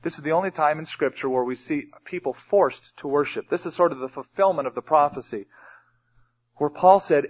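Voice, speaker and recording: A man's voice: on the high side, a little fast, husky. A man preaching a sermon as pastor, emphatic and reading scripture aloud. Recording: dull lo-fi recording.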